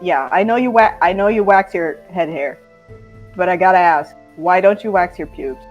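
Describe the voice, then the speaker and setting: A man's voice: high-pitched, normal speed, muffled recording, faint music behind. Joking man playing a tabletop game. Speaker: player.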